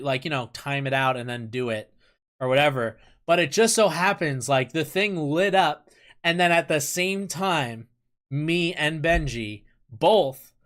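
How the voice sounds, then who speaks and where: A man's voice: fairly high pitch, a bit bright. A man hosting a casual livestream chat, rambling with lots of fillers, laughing and swearing as he talks. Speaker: streamer host.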